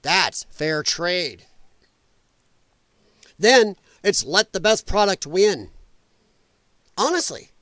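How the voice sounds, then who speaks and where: A man's voice: high-pitched, lively intonation, takes it slowly, long pauses, no echo. A man streaming casual political commentary, profane and combative, who mocks opponents in whiny put-on voices. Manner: profane, combative, sarcastic ranting.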